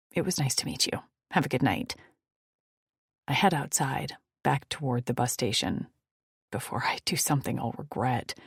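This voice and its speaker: A woman narrating a first-person romance audiobook in a hushed, breathy inner-monologue manner, close to the mic. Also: very deep voice, no echo.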